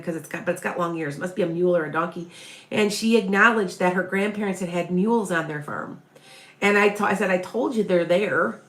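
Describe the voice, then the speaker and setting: A woman's voice: on the low side, a bit bright. A woman working as a psychic medium. She gives a casual live reading and answers questions in a chatty, rambling way, often breaking off mid-sentence. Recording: echoey room.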